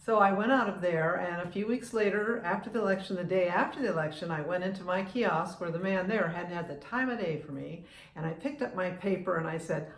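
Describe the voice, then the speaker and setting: Speaking fairly quickly in a fairly low voice, this seventies-aged humorist from the United States chats to camera on her vlog, sharing opinions freely and frequently starting sentences over. The room has noticeable echo.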